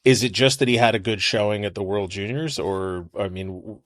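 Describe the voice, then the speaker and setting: A man's voice: lowish voice, a little fast, a bit bright, no room sound. A man hosting a podcast. He sets up guests with long, conversational questions that wander before he reaches the point. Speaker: podcast host. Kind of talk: casual podcast interview.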